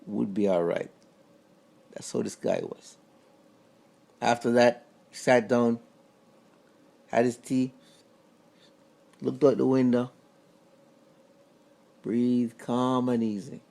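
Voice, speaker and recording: A man telling a personal story about his grandfather straight to camera, in a casual, halting way that repeats words. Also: mid-range voice, fairly even intonation, gravelly, a little mellow. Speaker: vlogger.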